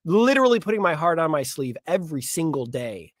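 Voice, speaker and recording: A man's voice: on the high side, fairly quick, no room sound, clean studio sound. A man who is a pianist and actor, telling his story in a casual interview and acting out the dialogue he quotes. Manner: animated, acts out quoted dialogue.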